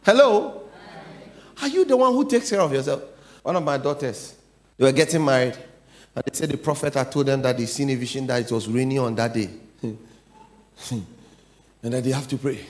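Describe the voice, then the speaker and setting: A middle-aged man, a pastor with a Ghanaian English accent, preaching a sermon, swinging from quiet asides to loud declarations. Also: medium pitch, moderate pace, pauses often.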